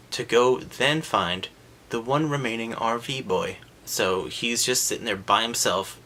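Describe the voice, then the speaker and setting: A man with a fairly low voice gives a sarcastic, animated comedic recap of a movie, mocking its scenes and slipping into quick silly character voices. Slight background noise is audible.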